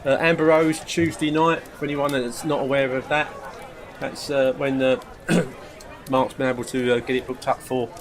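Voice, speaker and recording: A man hosting a casual live stream, his voice sitting at an ordinary middle pitch. He chats in a rambling, chummy way, calls his viewers mate, and keeps losing his thread. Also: fairly even intonation, moderate pace, crowd noise. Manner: forgetful, loses his thread.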